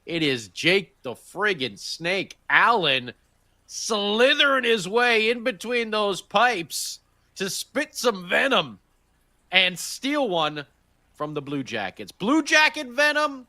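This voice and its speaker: A man hosts a sports podcast and rolls through an energetic, joking game recap. His voice is bright and forceful, pitched a bit high for a man. The sound is dry and close. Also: takes it slowly, dry recording. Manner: energetic, hype, jokey. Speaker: podcast host.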